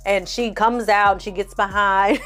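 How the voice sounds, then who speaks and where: A woman hosts a casual film recap, telling the story bluntly and with plenty of swearing. Her voice sits at a middle pitch and she sounds openly exasperated. Faint music plays softly behind her. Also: steady tone, measured pace. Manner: blunt, profane, exasperated storytelling with acted-out quotes. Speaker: film review host.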